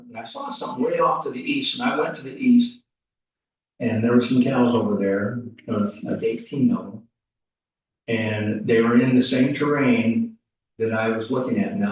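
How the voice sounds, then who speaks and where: A man giving a rambling, folksy eulogy at a funeral service, full of halting restarts. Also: medium pitch, darkish tone. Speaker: funeral speaker. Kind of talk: eulogy storytelling. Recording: echoey hall, mic off at a distance.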